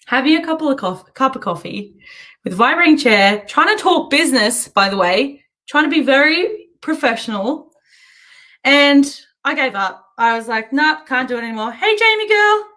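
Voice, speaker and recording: A woman hosting a show, telling a story in a chatty, animated way and often breaking into giggles. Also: high voice. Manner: chatty and animated, self-interrupting. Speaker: host. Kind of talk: casual storytelling monologue.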